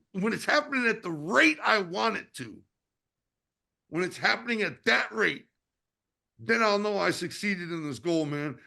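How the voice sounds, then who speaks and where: A man's voice: sits high, creaky, bright, forceful tone. A man in his fifties hosting a casual talk show, speaking with passion and frequent swearing, often asking "you know what I mean". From United States. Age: 50s. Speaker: podcast host and wrestling promoter. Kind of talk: casual chat.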